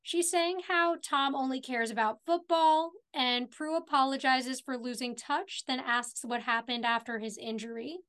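A woman's voice: high-pitched, measured pace, few pauses, a bit bright, clean tone. A woman co-hosting a podcast, casually retelling TV scenes step by step. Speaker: podcast co-host. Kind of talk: casual recap chat.

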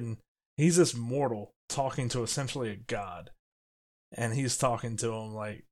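A man co-hosting a casual podcast discussion, talking animatedly and slipping into quick character quotes as he explains scenes. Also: mid-range voice. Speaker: podcast co-host.

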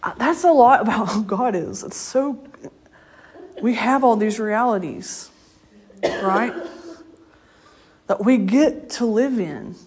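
A woman's voice: a little high, expressive, slow, pauses often, a little mellow, husky. A woman preaching a casual, story-filled sermon. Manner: conversational storytelling, laughs often. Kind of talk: informal sermon.

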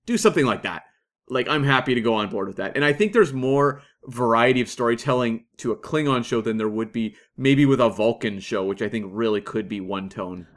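A man's voice: mid-range voice, animated, brisk. Chatty Canadian man, podcast co-host. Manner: chatty, enthusiastic, many fillers. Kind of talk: casual podcast chat.

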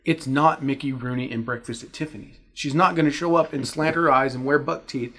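A man's voice: medium pitch, bright, forceful tone. A man hosting a casual podcast panel, opinionated and emphatic, often cutting in to make his point. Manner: opinionated, emphatic, quick to interject. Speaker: podcast host.

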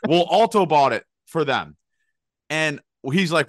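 A man's voice: a little high, very animated, a bit bright, dry recording, studio quality. A young man telling a rambling, laughing story on a casual podcast. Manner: rapid rambling anecdotes, laughing, swearing. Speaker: podcast co-host.

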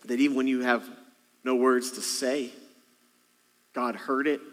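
Male pastor, sermon, chatty and joking with the congregation, medium pitch, large echoing church hall. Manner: conversational, rhetorical questions, joking with the congregation. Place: church sanctuary. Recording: long reverb of a large hall.

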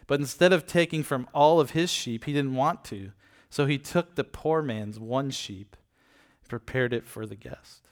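A man's voice: mid-range voice, measured pace. A man giving a casual Bible teaching, retelling scripture in everyday words and checking in with listeners. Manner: addresses listeners with frequent "okay?" and "right?". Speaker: preacher.

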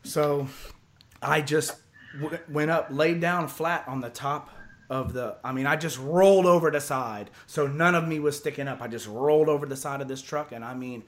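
A man's voice: moderate pace, a little hiss or hum. A man telling a wild story in casual talk, rambling and profane with lots of fillers and restarts. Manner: drops low and quiet for tense parts, gets loud and high for excited quotes. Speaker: storyteller guest.

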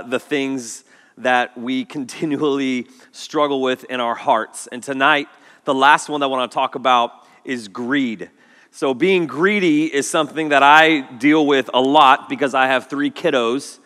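Brief: man in his 30s, pastor delivering a lively sermon, bright forceful tone, reverb. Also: mid-range voice, clear, resonant tone. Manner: animated storytelling with acted-out quotes. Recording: long hall reverb.

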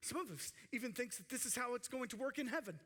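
A man preaching a sermon with passion, acting out quoted cries and dropping to hushed tones for emphasis. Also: very high voice, expressive, fast. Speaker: pastor.

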